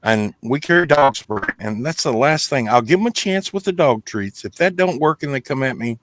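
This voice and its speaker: A man's voice: mid-range voice, lively intonation, moderate pace, fairly bright tone, no room sound. A man in casual chat, talking in a folksy, rambling way with many restarts and fillers. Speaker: guest, gas company worker.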